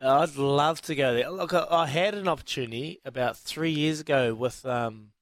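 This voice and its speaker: A man's voice: mid-range voice, normal speed, a bit bright, dry recording. A man hosting a breakfast sports radio show, chatty and laughing often, repeating himself as he talks. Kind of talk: casual radio banter.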